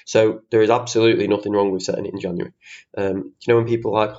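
A young man hosts his own solo podcast, chatting and ranting, swearing casually and mocking himself. His voice is fairly low and darkish, very fast, with little pitch movement. The lo-fi audio sounds slightly dull.

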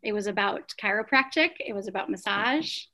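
A woman's voice: medium pitch, expressive, a little fast, pushed and bright. A middle-aged woman, founder of a prenatal yoga studio, telling her story in an interview with emphatic rhetorical questions.

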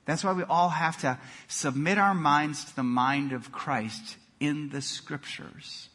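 Bright, husky-voiced preacher man. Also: a little high, slow pace. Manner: animated storytelling, repeats words, shifts loudness for emphasis. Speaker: pastor. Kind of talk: sermon.

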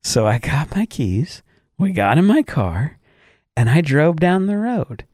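A man's voice: on the high side, measured pace, dry recording, clean studio sound. A man telling a crude story in casual podcast chat, cursing freely and acting out voices. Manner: profane, animated retelling with quoted voices. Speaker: podcast co-host.

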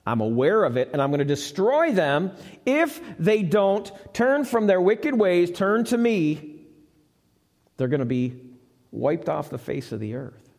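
A man's voice: fairly high pitch, very animated, a little slow, creaky, darkish tone, pitched below the performer's own voice, heavily acted. A man voicing God giving a stern, solemn warning in a sermon. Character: stern commanding God, male. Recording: long hall reverb.

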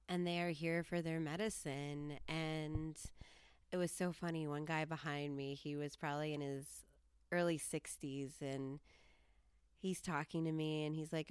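A woman's voice: deep voice, smooth, dry recording, studio quality. A woman hosting a podcast, telling a story in a casual monologue, laughing and acting out the people she quotes. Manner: animated, laughing, quoting herself and others. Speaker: podcast host.

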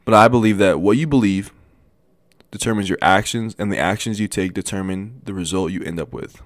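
A man's voice: low voice, brisk, no echo. A young man hosting a solo podcast, talking earnestly and casually to listeners, with frequent restarts and small stutters. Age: young adult. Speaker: podcast host. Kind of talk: motivational solo podcast talk.

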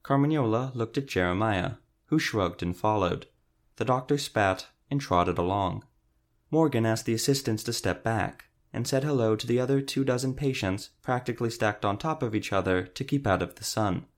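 A man narrating an audiobook in a steady, even reading voice. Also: lowish voice, normal speed. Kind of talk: scripted narration.

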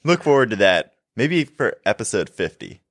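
Lively, deep-voiced young man podcaster. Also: moderate pace, no room sound, studio quality. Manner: animated, laughs often, jokey. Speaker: podcast co-host, health coach. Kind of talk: casual podcast chat.

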